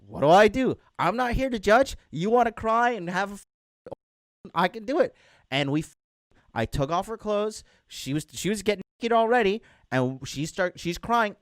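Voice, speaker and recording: A man's voice: high voice, fairly bright tone, smooth, no echo, studio quality. A man coaching male viewers on dating in a blunt, profane rant, clipping off his own swear words and hammering each point with "all right?". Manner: hammers points with repeated tag questions. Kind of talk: ranting monologue to male viewers.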